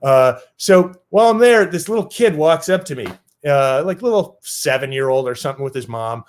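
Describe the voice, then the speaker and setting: Casual storytelling man, fairly high voice. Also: animated, normal speed. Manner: casual, many fillers like "uh" and "like". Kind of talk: live personal storytelling.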